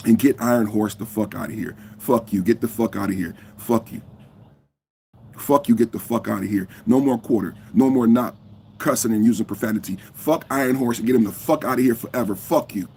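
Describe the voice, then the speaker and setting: A man of fifty hosting a live podcast, reacting heatedly, cursing and shouting at trolls in the chat while he holds his phone. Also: lowish voice, fairly quick, gravelly, slight background noise. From United States. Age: 50s. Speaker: podcast host. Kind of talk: live-stream reaction talk. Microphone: phone held in hand.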